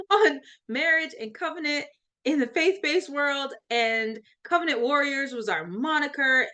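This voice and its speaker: A woman's voice: a little high, a bit bright. A woman, a life coach, telling a personal faith story in an interview, laughing often and acting out quoted voices.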